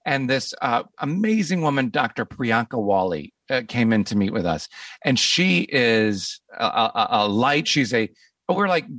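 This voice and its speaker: A man's voice: medium pitch, animated, normal speed, fairly bright tone, dry recording, recorded from a distance. A man hosting a podcast, chatting casually and enthusiastically, often repeating words as he rambles. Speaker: podcast host. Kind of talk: casual interview chat.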